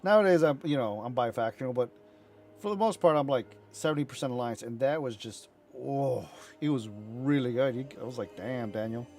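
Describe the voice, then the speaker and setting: A man chatting casually as he reacts to game cinematics, excitable, rambling and profane. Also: medium pitch, a little fast, soft background music. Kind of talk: casual chat.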